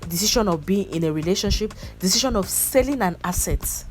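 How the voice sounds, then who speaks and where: A woman's voice: mid-range voice, lively intonation, fairly quick, slight background noise. A woman, earnestly giving life advice in a casual vlog about a movie, repeating her points for emphasis. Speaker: movie reviewer vlogger.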